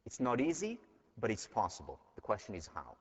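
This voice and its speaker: A man's voice: on the low side, wildly swooping pitch, brisk, slightly rough. A man giving a university lecture and telling stories in an earnest way, heard in a dull recording from a large lecture hall. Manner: earnest, storytelling.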